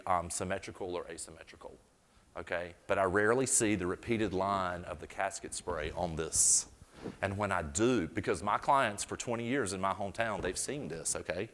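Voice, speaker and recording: Southern guy from north carolina, real low voice, chatty demo talk, echoey hall. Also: a bit bright. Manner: chatty, storytelling, folksy asides. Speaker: floral design presenter. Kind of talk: live demonstration talk. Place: event hall before an audience.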